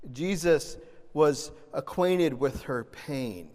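Man preaching, animated sermon, loud emphasis and hushed asides, high voice, long hall reverb. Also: measured pace. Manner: animated, shifts between loud emphasis and soft gentle asides.

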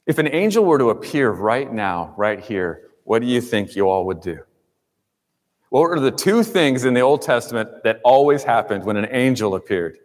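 Man preaching a sermon in a reverberant hall. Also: medium pitch. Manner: preaching with emphatic rises and drops, addressing the congregation. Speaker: pastor. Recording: long reverb in a large room.

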